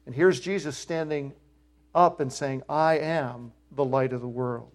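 A man's voice: mid-range voice, unhurried, a little mellow. A middle-aged male pastor preaching a sermon, emphatic, lifting his voice on key phrases.

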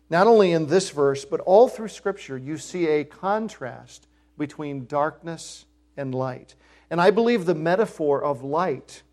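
Emphatic man preaching a sermon. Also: darkish tone. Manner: emphatic preaching, rises in pitch and volume on key phrases. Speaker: pastor.

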